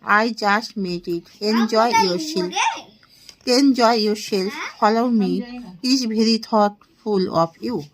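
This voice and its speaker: A woman's voice: a little high, a crowd in the background, low-quality recording. A woman, a tutor reading short practice sentences one by one. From India. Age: 20s. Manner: slow, deliberate reading of short sentences with small laughs. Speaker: English tutor.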